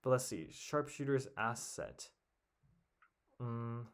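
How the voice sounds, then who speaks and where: A man's voice: medium pitch, expressive, takes it slowly. Man muttering through a crossword. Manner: muttering guesses, thinking aloud. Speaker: puzzle solver. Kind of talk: casual solo commentary while solving.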